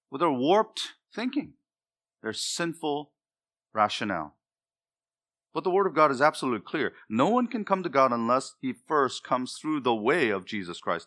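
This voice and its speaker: A man's voice: a little high, pushed and bright. A male pastor preaching a sermon, with emphatic delivery that rises and drops for emphasis.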